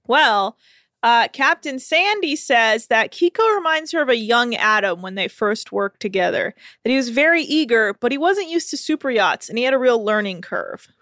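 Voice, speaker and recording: Lively, animated woman podcast host. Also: fairly high pitch, normal speed, dry recording, clean studio sound. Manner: lively, laughing, profane recaps. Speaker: podcast host recapping a reality show. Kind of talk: casual chat.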